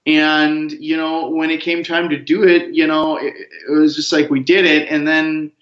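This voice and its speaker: A man's voice: a little high, moderate pace, slight background noise. A man, a comics writer as a guest, telling a rambling, joking story in a casual interview. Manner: rambling storyteller, animated jokes. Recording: roomy, dull lo-fi sound.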